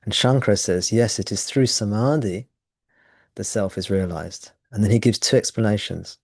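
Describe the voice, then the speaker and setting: A man's voice: on the low side, moderate pace, creaky, darkish tone, dry recording, clean studio sound. A man teaching at a satsang, explaining ideas thoughtfully and often restarting his phrases. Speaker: spiritual teacher. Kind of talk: satsang talk.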